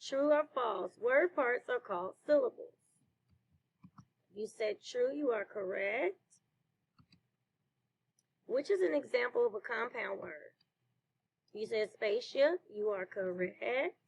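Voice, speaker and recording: A woman teacher leading a slow phonics lesson for children, praising answers. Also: on the high side, expressive, poor audio. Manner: slow, clear classroom delivery with praise.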